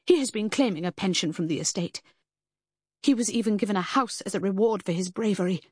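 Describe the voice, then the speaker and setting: A woman's voice: medium pitch, brisk, a little mellow, slightly rough, no echo, clean studio sound, pitched above the performer's own voice, natural voice. A woman voicing an indignant, haughty woman in an audiobook, speaking sharply and defensively.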